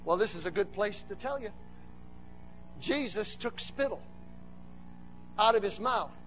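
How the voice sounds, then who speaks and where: A man preaching a sermon to a church, mixing humorous asides with animated build-ups that rise to shouts. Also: sits high, measured pace, a little hiss or hum.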